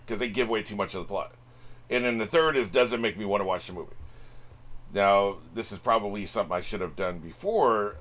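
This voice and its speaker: Low-voiced man hosting a reaction video. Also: fairly bright tone. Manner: rambling, many fillers and restarts. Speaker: reaction channel host. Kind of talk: casual direct-to-camera chat.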